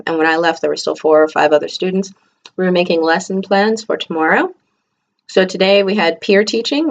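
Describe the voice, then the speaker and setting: Chatty middle-aged woman, low voice. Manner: chatty, rambling, digressive asides. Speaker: vlogger, teacher in training. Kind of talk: casual video diary. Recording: slightly muffled lo-fi audio.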